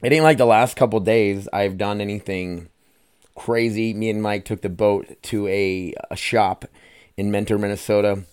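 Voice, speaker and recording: Speaking at normal speed with fairly even intonation, an American podcast host in a fairly low, a little mellow, clean-toned voice rambles through a casual solo monologue. He swears, calls his audience "you guys" and is emotional and choked up. The studio sound is clean, with no echo.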